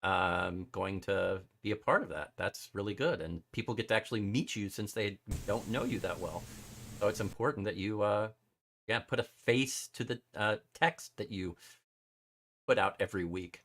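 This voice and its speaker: A man hosting a casual live-streamed chat show, animated and often laughing and stumbling over his words. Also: on the low side, moderate pace, a little hiss or hum. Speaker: show host.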